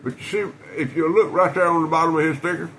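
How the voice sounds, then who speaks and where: A man's voice: on the high side, steady tone, fast talker, fairly bright tone, a little hiss or hum, low-quality recording. Folksy rambling man. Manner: folksy, rambling storyteller with many restarts and fillers. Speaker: knife collector vlogger. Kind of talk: casual rambling talk to camera.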